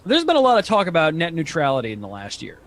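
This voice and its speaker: A man talking as a podcast guest in casual chat, halting often with fillers and restarts. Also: on the high side, huge pitch swings, fairly bright tone.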